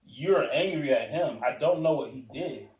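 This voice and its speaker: A man calmly pushes back with questions in a casual discussion. He sounds distant from the mic, in an echoey room. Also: fairly high pitch, moderate pace. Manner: questioning, reasonable pushback.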